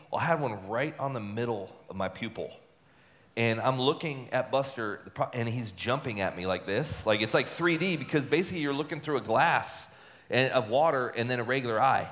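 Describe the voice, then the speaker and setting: A man's voice: medium pitch, brisk. Chatty man telling stories in a reverberant hall. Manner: chatty, repeats words, lively acted-out quotes. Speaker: retired relief pitcher. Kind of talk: animated storytelling in an interview.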